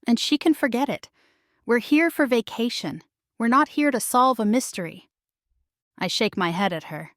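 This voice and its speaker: A woman's voice: on the high side, animated, moderate pace, a bit bright, no echo, studio quality. A woman narrating a cozy mystery novel in the first person, in a wry, lightly humorous way. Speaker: audiobook narrator.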